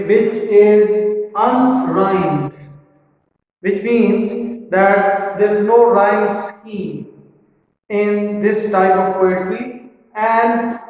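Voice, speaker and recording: A man gives a literature lesson in a slow, deliberate way, repeating key terms as he goes. His voice sits high for a man. The room behind him rings with a long, heavy echo. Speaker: literature teacher. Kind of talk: lecture-style explanation. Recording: echoey room with long reverb.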